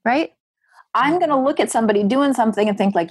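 A woman guest on a podcast interview, speaking earnestly and emphatically about compassion, with rhetorical questions and playful jumps into a higher voice for asides. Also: very animated, fast talker, slightly rough, no echo. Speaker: grief writer and guest.

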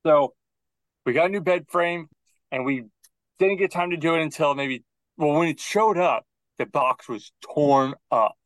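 A man co-hosting a casual podcast, telling a long rambling anecdote with quick restarts and acting out the people in it. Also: fairly high pitch, no room sound, low-quality recording. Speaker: podcast co-host. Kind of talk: casual storytelling chat.

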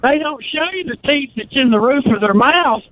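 A North Carolina man, phoning in to a show. His voice sits very high, and he drawls with loud, profane bluster. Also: moderate pace, a little hiss or hum, rough recording. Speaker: caller. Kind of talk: phone-in storytelling.

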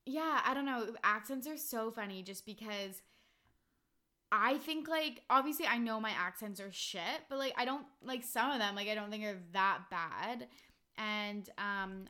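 A young woman from Canada hosts a relaxed podcast chat, her bright voice tumbling through stories with plenty of "like" and easy laughter. She talks loosely and warmly with a friend, never scripted. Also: mid-range voice, a little slow. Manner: chatty, laughs often, heavy use of "like". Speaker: podcast host. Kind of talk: casual chat.

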